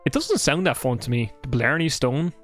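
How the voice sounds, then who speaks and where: A man's voice: mid-range voice, very animated, moderate pace, soft background music. A man with an Irish accent, chatting casually and swearing a lot while he streams a game, rambling and joking about himself. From Ireland. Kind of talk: casual live gameplay chat.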